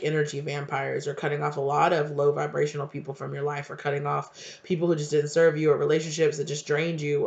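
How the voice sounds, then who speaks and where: In a laid-back, slangy tarot reading, a man speaks emphatically in a gravelly voice that sits fairly high. The tarot reader is captured on a dull, lo-fi recording.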